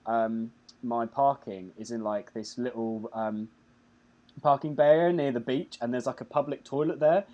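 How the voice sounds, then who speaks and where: A man's voice: medium pitch, steady tone, moderate pace, warm tone, highs cut off. A young man co-hosting a podcast from home, rambling in a laid-back way with plenty of fillers. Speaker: podcast co-host. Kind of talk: casual chat. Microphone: remote call from home.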